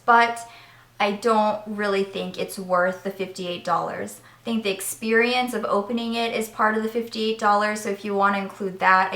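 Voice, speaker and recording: A woman's voice: mid-range voice, a bit bright, reverberant. A woman vlogger giving a candid makeup review and demo in a chatty, step-by-step way. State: voice cracking slightly. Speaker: beauty vlogger.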